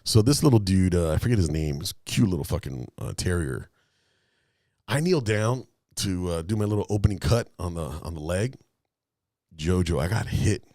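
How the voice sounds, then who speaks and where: A man's voice: deep voice, moderate pace, dry recording, clean studio sound. A man co-hosting a podcast, telling a story in a casual, profane way and acting out other people's lines. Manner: animated, profane, acts out quotes. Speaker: podcast co-host.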